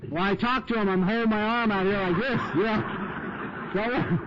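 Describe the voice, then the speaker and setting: A man with a very high speaking voice shares his recovery story, chatty and full of "you know" and "man". The recording is a dull, lo-fi 1990s tape with a faint hiss underneath. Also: normal speed, a bit bright. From United States.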